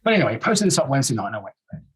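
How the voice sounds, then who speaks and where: A man with a very husky, raspy voice at a middle pitch talks as a podcast guest. He is earnest and emotional and often stumbles and repeats himself as he goes. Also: very animated, racing, low-quality recording. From England. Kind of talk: casual interview talk.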